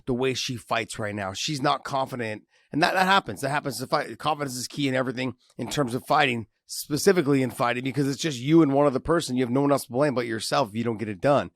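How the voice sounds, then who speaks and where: A man co-hosting a sports podcast from a video call, breaking down fights in a loose, rambling way and teasing his partner. His voice is medium in pitch and the sound is dry and close. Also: fast talker, hardly any pauses, no echo. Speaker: podcast co-host. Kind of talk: casual sports chat.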